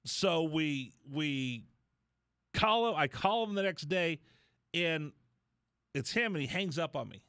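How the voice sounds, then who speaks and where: A man hosting a radio show, telling a rambling story in a casual, animated way. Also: a little high, slow, long pauses, clear, resonant tone, dry recording. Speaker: radio host. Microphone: studio mic.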